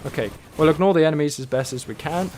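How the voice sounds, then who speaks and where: A man's voice: fairly high pitch, fast, a little mellow, a little hiss or hum. A man streaming a game, giving casual, wry, rambling commentary as he plays and talks to himself. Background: faint game music.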